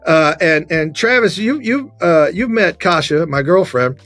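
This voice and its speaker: A man telling stories on a podcast, animated, acting out the voices of people in them. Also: on the high side, measured pace, no room sound, soft background music. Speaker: podcast guest. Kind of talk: casual storytelling.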